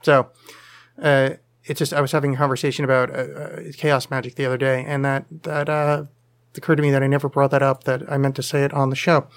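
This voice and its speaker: A man hosts a casual solo live podcast from a home studio, leaning over to check a screen as he answers listener questions. He rambles, jokes and pokes fun at himself, using plenty of fillers. His mid-range voice is level in tone and brisk.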